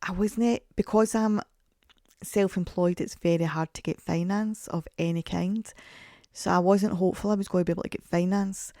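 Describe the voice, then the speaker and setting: A woman in her forties hosts a podcast, telling chatty, rambling, self-mocking stories in a casual monologue. Her voice is lowish and dark in tone, steady at a normal speed, with no echo.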